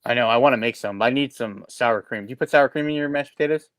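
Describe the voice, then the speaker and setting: Rambling, animated podcast man. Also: medium pitch, fast, no room sound. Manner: rambling, animated storytelling with frequent restarts. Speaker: podcast co-host. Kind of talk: casual chat.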